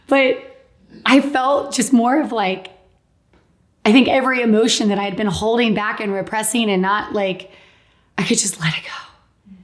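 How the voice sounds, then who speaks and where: A woman casually telling a personal story as an interview guest, animated and quick to laugh, often saying "like" and "um". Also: medium pitch. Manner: animated, laughs often, acts out what others said; fills speech with "like" and "um". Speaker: guest sharing a healing testimony.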